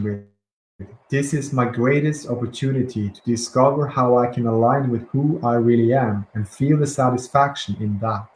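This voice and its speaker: A man leading a guided breathing and affirmation session, speaking softly and slowly with calm pauses and restarts. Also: medium pitch. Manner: soft, slow and gentle, with calm pauses and restarts. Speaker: guided release teacher. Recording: echoey room with faint ambient noise.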